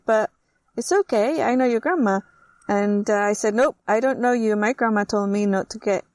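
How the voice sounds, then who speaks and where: A woman's voice: mid-range voice, dry recording. A woman from Chile, telling a childhood story in casual chat and acting out the people in it. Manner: animated storyteller acting out quoted voices. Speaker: host.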